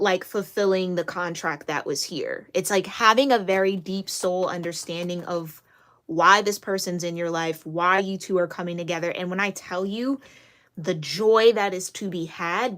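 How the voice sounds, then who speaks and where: A woman giving a casual tarot reading, chatty and excitable, with many fillers and restarts. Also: mid-range voice. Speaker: tarot reader.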